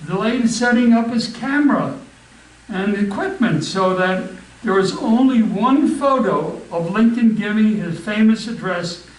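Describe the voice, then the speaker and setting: Slow, high-voiced man in a roomy space. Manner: slow, deliberate reading with stumbles and restarts. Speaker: history club speaker. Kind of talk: recited speech and history talk. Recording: roomy, distant mic with faint background ambience.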